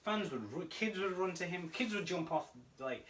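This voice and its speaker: A high-pitched male co-host chats casually on a podcast, telling stories at normal speed with lively energy and plenty of laughter. There's slight background noise, and the distant mic adds a roomy echo.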